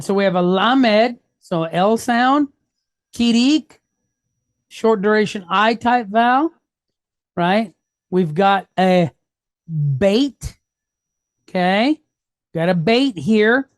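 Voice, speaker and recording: Lady teacher sounding out syllables one by one, slow and careful, dry close sound. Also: medium pitch, a little mellow, no room sound. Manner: sounds out syllables slowly, step by step; patient, checks in with the class. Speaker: Hebrew reading teacher. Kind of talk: classroom lesson.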